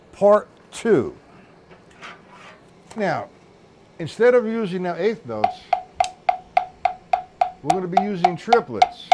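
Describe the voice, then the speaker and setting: A man's voice: a little high, darkish tone, slight background noise. A man giving a casual live-streamed drum lesson, counting beats aloud as he explains technique. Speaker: drum teacher.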